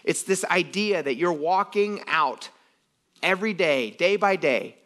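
Animated man preaching a casual sermon. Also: sits high, unhurried. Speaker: pastor. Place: church sanctuary.

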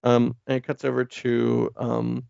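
Gravelly man rambling through a comic recap. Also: medium pitch, completely flat delivery, measured pace, warm tone, no room sound, highs cut off. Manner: rambling, loose with many fillers and asides. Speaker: podcast co-host. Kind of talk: casual comic book recap. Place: home office.

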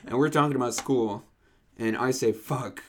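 A man's voice: medium pitch, moderate pace. A young man spinning loose, rambling anecdotes on a casual podcast, hunting for details as he goes. He keeps an easygoing pace and an ordinary mid-range male voice. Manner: laid-back, rambling storyteller. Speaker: podcast co-host.

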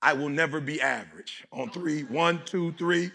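Raspy, gravelly preaching man. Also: a little high, moderate pace, bright, forceful tone. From Detroit, USA. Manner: preachy, emphatic, repetitive call-and-response. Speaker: motivational speaker. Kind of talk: motivational speech to a live audience. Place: live conference hall with audience.

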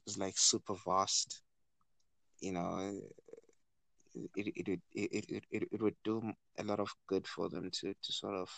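A man co-hosting a casual podcast chat, stammering through many restarts as he gets excited. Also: on the low side, vocal fry, dry recording. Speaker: podcast co-host.

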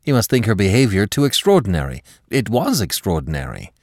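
A man with a deep voice reads a classic story aloud as a podcast host, shaping each sentence with dramatic, expressive storytelling. His pitch swoops widely through the narration, and the sound is close and dry with no room around it. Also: fairly quick, dry recording.

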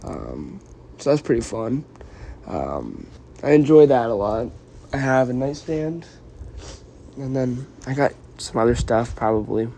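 A young vlogger and podcaster rambles casually on his podcast while fighting a cold, yawning and apologizing amid lots of ums. His mid-range voice is gravelly and mellow, measured in pace, with big pitch swings and long pauses.

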